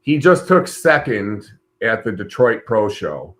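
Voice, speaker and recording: A middle-aged man co-hosting a casual chat show, telling stories in a relaxed, blunt and profane way. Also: fairly low pitch, a little slow. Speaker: co-host.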